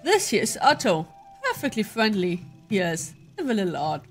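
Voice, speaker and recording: A woman's voice: medium pitch, very animated, moderate pace, faint music behind. A woman voicing a friendly male dwarf tinkerer and monster hunter, read in her own plain voice without an accent.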